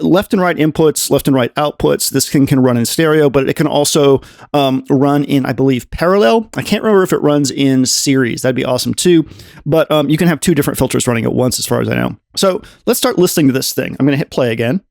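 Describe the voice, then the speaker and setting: A man's voice: medium pitch, creaky, dry recording. A man hosting a casual synth module demonstration, talking loosely with lots of fillers as he thinks aloud. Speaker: synth demo host. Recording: music from synth modules behind. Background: drum machine and synth music.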